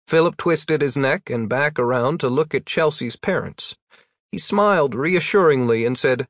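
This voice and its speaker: A man narrating a story in a plain, even storytelling voice. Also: medium pitch, a little slow, no echo, studio quality. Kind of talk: audiobook narration.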